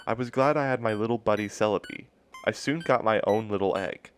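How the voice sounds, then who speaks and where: A young man reads a creepypasta aloud in a fairly quick, low voice, with faint music behind him. He reads the punctuation out loud and interrupts with sarcastic asides, keeping the whole reading casual.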